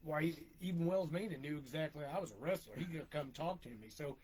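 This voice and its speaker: A man's voice: a little high, a little fast, darkish tone, husky, low-quality recording. A middle-aged man co-hosting a podcast, rambling through casual stories, laughing often and acting out quoted lines. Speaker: podcast co-host, wrestler. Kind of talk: casual storytelling chat.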